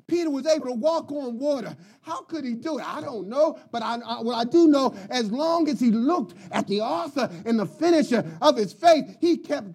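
A middle-aged man from Philadelphia preaching a sermon, building to shouted emphasis. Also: high voice, breathy edge.

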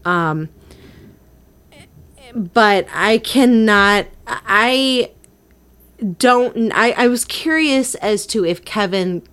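A young woman co-hosting a podcast, talking about a film in an eager, gushing way and quickly agreeing. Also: on the high side, expressive, a bit bright, smooth. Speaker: podcast co-host. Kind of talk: casual film review chat.

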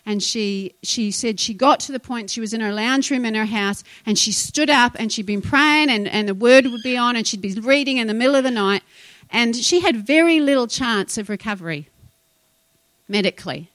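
Middle-aged woman preacher, high voice, dry close sound, feisty emphatic delivery with loud declarations and quiet asides. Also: lively intonation, normal speed, no room sound. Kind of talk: sermon.

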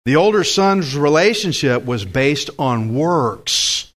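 A man's voice: fairly high pitch, lively intonation, slow, a bit bright. A man preaching a sermon with emphatic delivery, putting questions to the congregation.

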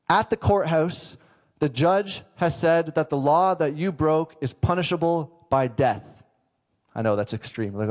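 A man preaching a sermon, reading scripture and then telling a lively courtroom illustration in a casual, animated way, breaking into character voices and laughing at himself. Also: medium pitch. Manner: animated storytelling, acts out characters in his illustration; casual, self-correcting, laughs at his own example.

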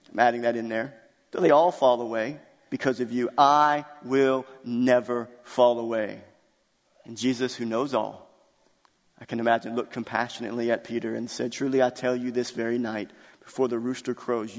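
A male pastor preaching a sermon, retelling scripture dramatically and rising to loud, slow emphasis on key lines. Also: medium pitch, vocal fry. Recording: long hall reverb.

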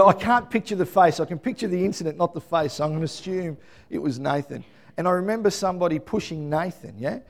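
A middle-aged man preaching a Mother's Day sermon, dropping to quiet asides and then building to loud emphatic shouts. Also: fairly high pitch, vocal fry. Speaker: pastor.

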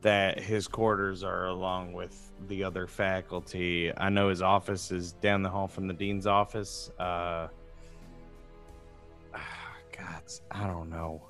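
A man's voice: low voice, little pitch movement, a little slow, fairly bright tone, soft background music. A man playing a tabletop game, describing his character and talking hesitantly. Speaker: player. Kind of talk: tabletop role-play chat.

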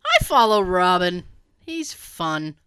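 A middle-aged woman chatting on a podcast, her voice swooping high and low as she tells stories. Her tone is bright and crisp, and the sound is dry and close. She laughs a lot and swears now and then. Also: takes it slowly, no room sound. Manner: animated storyteller who laughs often and swears. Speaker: podcast co-host. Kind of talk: casual chat.

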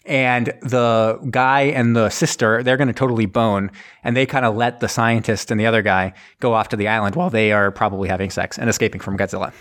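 A man giving a rambling, profane movie recap on a podcast, acting out characters in quick voices. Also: lowish voice, steady tone, fairly bright tone. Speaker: podcast co-host. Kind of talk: rapid casual movie recap.

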